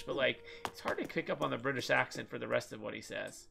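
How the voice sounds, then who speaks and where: A man casually commentating his game on a live stream, with playful, jokey deadpan asides. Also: medium pitch, brisk, vocal fry, hardly any pauses. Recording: game music loud under voice. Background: loud game music.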